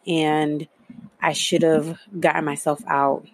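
A woman's voice: fairly low pitch, steady tone, normal speed, no room sound. A young adult woman casually telling a personal story, candid and loose, swearing freely with lots of fillers.

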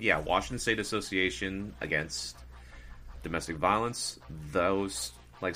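A man's voice: low voice, bright, forceful tone. A young man talking in casual podcast chat, laid-back and loose, laughing easily.

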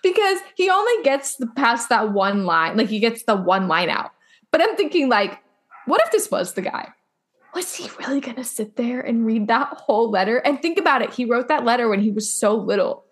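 A woman with a fairly high voice co-hosts a laid-back recap podcast. She talks emphatically and bluntly and swears freely. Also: big pitch swings, moderate pace. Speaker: podcast co-host. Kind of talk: casual chat recapping a TV episode.

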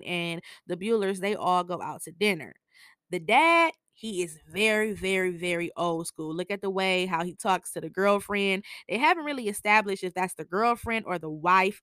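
A woman talks through a TV episode in a casual, slangy recap. She is opinionated and often laughs. Her voice sits at a middle pitch in a dry, close recording. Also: fairly bright tone, no room sound. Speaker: TV recap podcaster.

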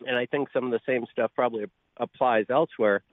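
A man's voice: mid-range voice, steady tone, fast talker, no room sound. Male caller on a tinny phone line. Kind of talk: radio call-in. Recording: phone line into radio show.

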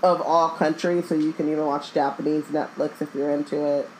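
A woman co-hosts a casual chat in a somewhat low voice. She is blunt and jokey, and she swears freely while riffing on the story. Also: steady tone, a little fast, darkish tone, a little hiss or hum, low-quality recording. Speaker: podcast co-host.

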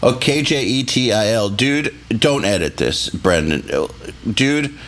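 A man's voice: medium pitch, very animated, measured pace, a bit bright, a little hiss or hum. A man hosting, reading out listener questions and joking about hard names. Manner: joking, stumbles over names. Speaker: host.

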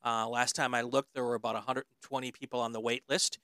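A man hosts a casual interview podcast, filling his sentences with ums and uhs. His voice is bright and smooth. The recording is dry, with no room sound. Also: mid-range voice, level tone, fast, no room sound. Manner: hesitant, lots of ums and uhs. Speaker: podcast host.

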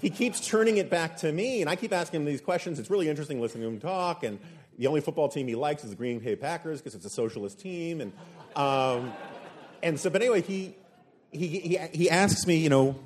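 A man on a live podcast stage, telling a long anecdote and acting out the people he quotes. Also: a little high. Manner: animated anecdote teller, quotes people in lively voices. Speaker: podcast panelist telling a story. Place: hotel event room with a live audience.

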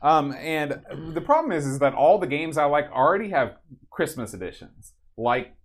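A man's voice: on the high side, sing-song, moderate pace. A man hosting a casual chat show, easygoing as he shares stories and reads listener questions. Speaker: podcast host.

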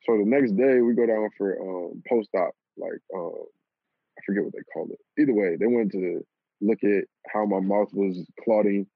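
A young man casually telling a personal story, animated and swearing and laughing at himself. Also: fairly low pitch, normal speed, dry recording. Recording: lo-fi phone-like audio.

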